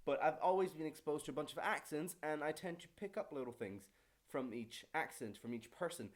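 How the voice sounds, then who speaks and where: A young man from Morocco, raised in Brazil and Paris, ranting casually on his vlog as a student pilot, chatty and quick with frequent self-corrections. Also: a little high. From born in Morocco, raised in Brazil and Paris. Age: young adult.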